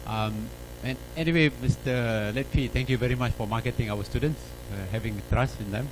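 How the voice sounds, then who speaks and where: A man's voice: mid-range voice, a little fast, noisy background. A man with a Malaysian English accent moderating a panel, hesitant and full of fillers. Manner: hesitant, many fillers, good-humored.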